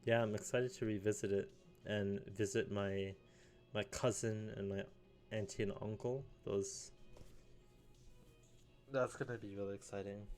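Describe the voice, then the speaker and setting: Rambling young man with a low voice. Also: fairly even intonation, measured pace, long pauses, a little mellow, soft background music. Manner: rambling, filler-heavy, chuckles often. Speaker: vlogger. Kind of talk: casual solo vlog talk.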